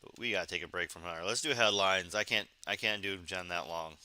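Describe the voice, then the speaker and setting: Sharp-toned and clear, with a low, resonant voice, this live stream host talks a little quickly. He rants sarcastically through late-night news commentary in a relaxed style, choosing his words with care since his face still hurts after surgery.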